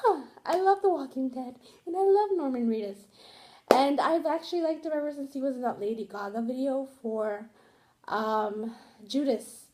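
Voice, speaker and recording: A woman's voice: a little high, warm tone. A young woman vlogging casually, rambling candidly with many fillers and some swearing.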